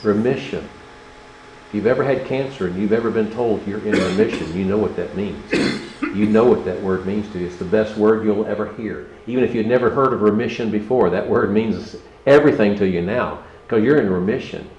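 A man's voice: fairly low pitch, fairly quick, a little mellow, lo-fi sound, slight background noise. A man preaching a sermon, impassioned and full of rhetorical questions to the congregation. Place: church. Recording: roomy church hall, faint ambience.

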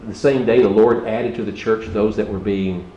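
A man's voice: on the low side, steady tone, normal speed, dark tone, muffled recording. A man preaching a sermon, impassioned and full of rhetorical questions to the congregation. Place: church. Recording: roomy church hall, faint ambience.

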